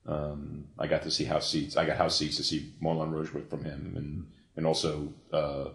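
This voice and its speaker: Older guy with a real low voice spinning a salty story on a podcast, roomy echo. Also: moderate pace, vocal fry. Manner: profane, animated storytelling with restarts. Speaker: guest, comics creator. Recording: echoey room.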